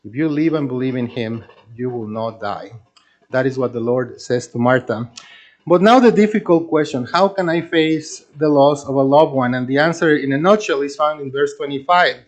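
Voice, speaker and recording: A man preaching a sermon, earnest and emphatic, slowing down to stress key phrases. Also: a little high. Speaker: pastor.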